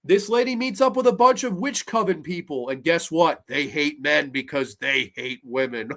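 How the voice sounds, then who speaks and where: A man's voice: fairly high pitch, animated, moderate pace, hardly any pauses, pushed and bright. Guy tearing into a horror movie, swearing constantly, fired up. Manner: profane, heated, exasperated. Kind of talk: ranting film review.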